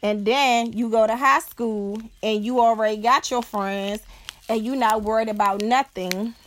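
A woman's voice: fairly high pitch, measured pace, a little hiss or hum. A young woman hosting a podcast, telling a personal story in a blunt, profane, casual way and often checking in with her listener. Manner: blunt and profane, keeps asking "you know what I'm saying"; animated, acts out other people's voices. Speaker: podcast host.

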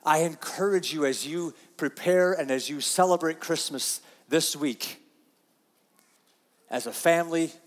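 A man's voice: a little high, a little slow, long reverb tail. A man preaching a sermon, earnest and repeating himself, reading scripture aloud. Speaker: pastor.

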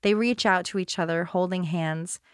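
A woman's voice: lowish voice, moderate pace, clear, resonant tone, no room sound, clean studio sound. A woman hosting a podcast, reading wry scripted commentary and chatting casually with lots of laughter. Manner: wry, conversational, laughs often. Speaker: podcast host.

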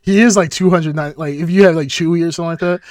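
Male co-host, slightly raised pitch, hesitant delivery. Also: steady tone, fast, dry recording, studio quality. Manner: laughs often, hesitant. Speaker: podcast co-host. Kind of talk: casual chat.

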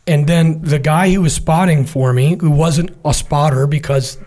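A middle-aged man with a somewhat higher voice tells a combat story as a guest in conversation. He talks in a casual, vivid way and quotes his comrades in animated snippets. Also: normal speed. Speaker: military veteran guest.

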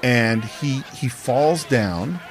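A man's voice: medium pitch, lively intonation, drawn-out words, slight background noise. A man co-hosting a film podcast, retelling scenes and acting out bits of dialogue in casual discussion.

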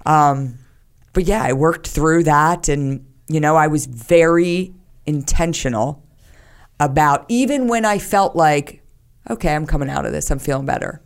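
Low-voiced, candid woman. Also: a little slow. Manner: candid, talks openly about her anxiety with many fillers. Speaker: podcast guest. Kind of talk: casual conversation.

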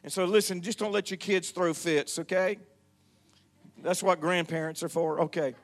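In a church sermon, the older pastor preaches and keeps prompting his congregation to respond. He speaks at a moderate pace in a high voice with a steady tone.

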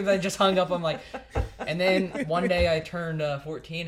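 A man's voice: high voice, fairly even intonation, moderate pace, crowd noise. A teenage boy, a podcast guest, telling a story casually and acting out the voices. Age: teens.

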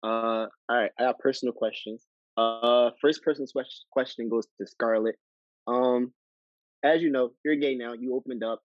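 A man's voice: medium pitch, steady tone, moderate pace, dry recording, muffled recording. A man hosting a casual podcast chat, laid-back, swearing casually and asking direct questions. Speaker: podcast host.

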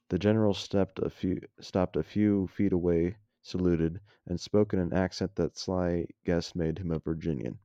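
Young male story reader, very low and mellow, casual; dull lo-fi home mic, dry. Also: fairly even intonation, normal speed, no room sound. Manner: casual, self-correcting, wry asides. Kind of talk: reading a story aloud.

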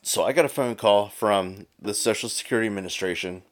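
Animated, foul-mouthed male storyteller. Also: lowish voice, brisk. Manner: animated storyteller, swears freely. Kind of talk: casual chat.

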